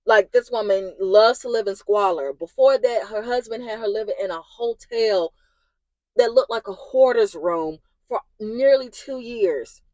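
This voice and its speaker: A woman's voice: fairly high pitch, a little slow, no echo, rough recording. A young woman from Indiana telling an emotional personal story, agitated and at times raising her voice as she relives an argument. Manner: agitated, rising to yelling in retold arguments. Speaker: vlogger.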